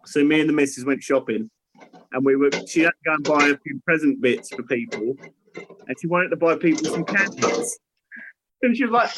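Guy cracking jokes on a home podcast, laughs a lot, kinda high voice. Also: fairly quick, noisy background. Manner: joking, laughs through stories. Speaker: podcast co-host. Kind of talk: casual chat.

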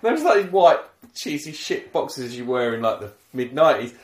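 Man, casual podcast chat, lively pitch, acts out quotes, roomy echo. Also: moderate pace. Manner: animated storyteller, acts out quotes. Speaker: podcast co-host.

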